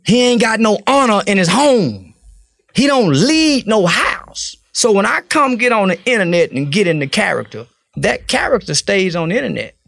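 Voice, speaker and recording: A man's voice: high voice, big pitch swings, normal speed, gravelly, fairly bright tone, dry recording, clean studio sound. A middle-aged man from Texas, talking bluntly and profanely as a podcast guest. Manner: blunt, profane, preacher-like storytelling. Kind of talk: casual interview talk.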